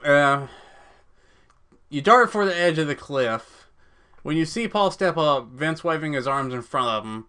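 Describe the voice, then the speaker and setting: A man's voice: mid-range voice, moderate pace, pushed and bright, smooth. A man playing a text game, reading it aloud casually, swearing and stumbling over words. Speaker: let's play gamer.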